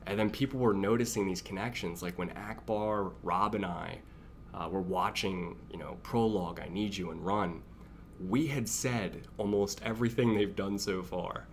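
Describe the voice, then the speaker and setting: Male vlogger, low and gravelly, close-mic, chatty self-aware theorizing. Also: normal speed, a little hiss or hum. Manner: chatty, thinks aloud, laughs at himself. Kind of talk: casual reaction commentary. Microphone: sitting close to the mic.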